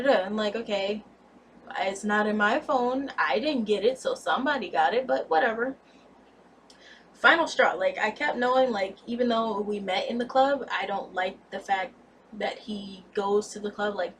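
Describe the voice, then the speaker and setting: A young woman in her twenties telling a candid, blunt storytime vlog about a breakup, expressive and cursing freely. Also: mid-range voice, distant mic, a little hiss or hum. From United States. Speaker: vlogger.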